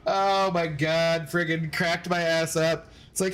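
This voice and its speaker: Laid-back streamer, a man, higher voice. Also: little pitch movement, normal speed, smooth. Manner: laid-back, laughs often, swears casually; thanks viewers for gifts by name. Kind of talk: casual livestream chat while gaming.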